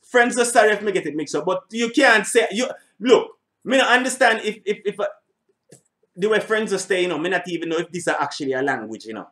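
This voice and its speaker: A man's voice: high voice, animated, fast, a bit bright. A middle-aged man, hosting a reaction video in a rambling, casual way, repeating himself and swearing now and then. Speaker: reaction channel host.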